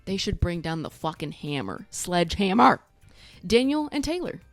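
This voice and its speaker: A woman vlogger talks through a show recap in a low-set voice that swings up and down a lot. She is blunt and sarcastic, with casual swearing, and faint music plays behind her. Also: big pitch swings, moderate pace, dry recording.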